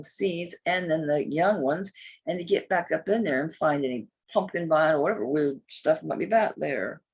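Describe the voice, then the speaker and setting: Selling jewelry online, a middle-aged woman chats casually in a lowish voice with a breathy edge. Her live sales talk is blunt and sprinkled freely with swear words.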